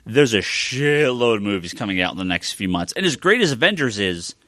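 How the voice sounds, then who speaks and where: A man co-hosting a podcast, chatting casually, animated and often stammering as he restarts his sentences. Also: lowish voice, brisk, no room sound, clean studio sound. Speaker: podcast co-host. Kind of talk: casual chat.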